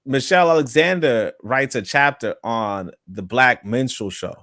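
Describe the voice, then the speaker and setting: A man's voice: mid-range voice, measured pace, sharp tone, dry recording, studio quality. Rambling man hosting a livestream. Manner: loose and rambling, lots of fillers and asides. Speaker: podcast host. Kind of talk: casual livestream talk.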